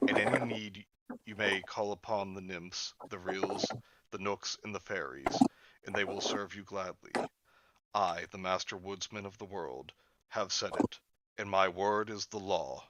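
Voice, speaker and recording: A man's voice: sits low, unhurried, very noisy. A man reading the part of a commanding male master woodsman in a solemn, proclamatory way. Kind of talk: casual read-aloud among friends.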